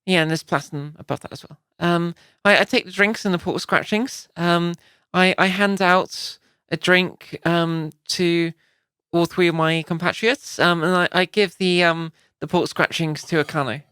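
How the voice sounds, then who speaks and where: A woman's voice: on the low side, steady tone, moderate pace, a bit bright, clean tone, no echo. Hesitant British woman playing tabletop. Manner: hesitant, many fillers, playful. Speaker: player. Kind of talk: casual tabletop role-play.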